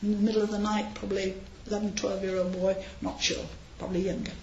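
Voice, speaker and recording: A woman's voice: mid-range voice, level tone, fast talker, darkish tone, slight background noise. A woman giving an informal sermon, chatty and anecdotal, with frequent asides, recorded in a large hall. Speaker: preacher. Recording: roomy, slightly dull hall recording.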